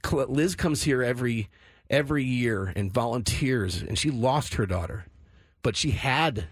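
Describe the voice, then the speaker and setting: A man's voice: mid-range voice, expressive, unhurried, breathy edge, no room sound. A tired man making an earnest, emotional charity appeal, stammering a little as he talks. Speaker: charity radiothon guest. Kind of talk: call-in appeal.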